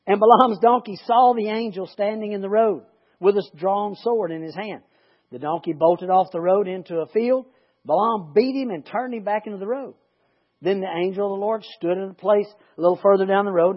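A man leading a Bible study, reading scripture and breaking off into rambling, joking asides. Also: sits high. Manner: chatty, rambling, self-interrupting. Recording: lo-fi recording.

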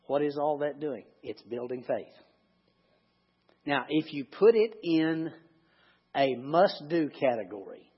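Husky male pastor preaching conversationally. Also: fairly high pitch. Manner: conversational preaching, swings from loud to hushed. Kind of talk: sermon. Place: church sanctuary. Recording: dull lo-fi sound.

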